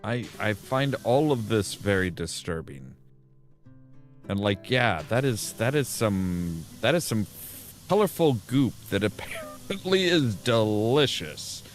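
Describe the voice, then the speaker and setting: A man casually commenting while playing a game, rambling and restarting his sentences often. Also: on the low side. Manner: rambling, self-interrupting, frequent restarts. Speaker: gameplay video host.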